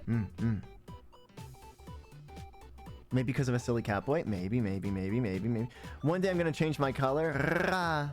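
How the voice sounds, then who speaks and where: A man chatting casually on a livestream, playful and talkative, greeting viewers and humming between repeated words. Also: mid-range voice.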